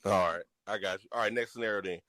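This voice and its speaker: A man's voice: low voice, fast talker, sharp tone, rough recording. A man hosting a podcast in casual chat, playful as he leads a game of set scenarios. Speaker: podcast host.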